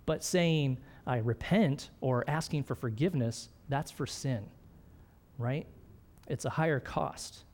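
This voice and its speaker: A man's voice: medium pitch, slow pace, darkish tone. A middle-aged man preaching a sermon in a conversational way, often checking in with his listeners and laughing lightly. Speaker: pastor.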